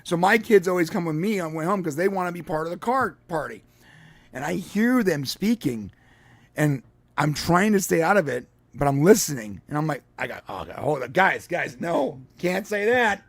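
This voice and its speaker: A man with a fairly high voice chats on a podcast, retelling moments with lively energy and repeated false starts. The sound is dry and close, with no room around it. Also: a little fast, creaky, no echo. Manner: animated storytelling, lots of restarts. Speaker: podcast co-host. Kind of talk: casual chat.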